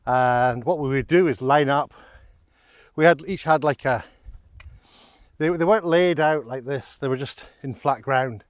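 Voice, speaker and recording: A Scottish hiker vlogs his countryside walk at a measured pace with long pauses, his mid-range voice recorded cleanly with no echo, like a studio. His narration is casual, chatty, rambling and self-deprecating, and he's slightly short of breath on the climbs.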